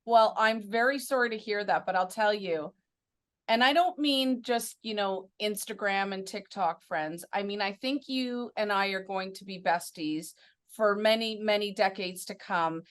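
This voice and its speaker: A woman's voice: medium pitch, measured pace, fairly bright tone. A woman hosting a podcast interview, talking in an effusive, encouraging and affectionate way. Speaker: podcast host. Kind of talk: supportive interview chat.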